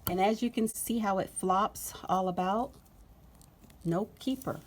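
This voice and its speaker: An excitable woman vlogger talks to her viewers while unboxing, gushing over each detail. Her pace is slow and drawn out, and her pitch sits in an ordinary middle range. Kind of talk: casual unboxing chat to camera.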